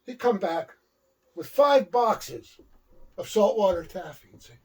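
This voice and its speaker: An older man co-hosts a casual chat and spins long, rambling stories. His voice is husky and sits fairly high. It is captured from a distance. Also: lively intonation, unhurried, darkish tone. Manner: rambling storyteller. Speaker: co-host.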